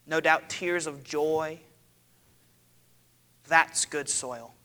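A man preaching a sermon to his church, dramatic and building to loud cries. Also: on the high side, extremely slow. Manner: dramatic, rising to loud cries when quoting. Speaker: pastor.

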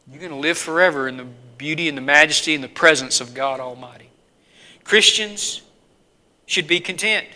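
A man with a Southern US accent delivers a homespun sermon in a high, bright voice. He tells stories in a folksy way and then drops to a near whisper for the serious points. His tone cuts clearly through the words. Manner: folksy, swings between loud stories and hushed pleas. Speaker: preacher.

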